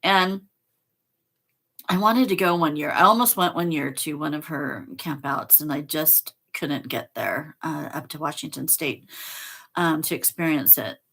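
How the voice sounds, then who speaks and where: Slow, gravelly-voiced woman host. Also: low-pitched. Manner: slow, soft and emotional, reads aloud with pauses. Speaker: channel host reading oracle cards. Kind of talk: casual spiritual vlog.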